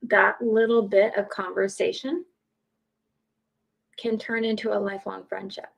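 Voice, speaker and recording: Casting: outspoken woman streamer, gravelly edge, casual and profane. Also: mid-range voice, little pitch movement, measured pace, low-quality recording. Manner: blunt, swears freely, chatty and opinionated. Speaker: streamer, podcaster. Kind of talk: casual live-stream chat. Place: home.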